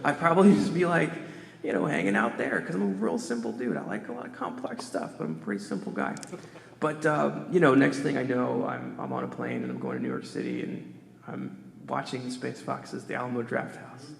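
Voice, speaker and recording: A middle-aged man speaking on a convention panel, telling a casual, animated story full of "like"s. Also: mid-range voice, a little fast, vocal fry. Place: large convention hall. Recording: echoey convention hall.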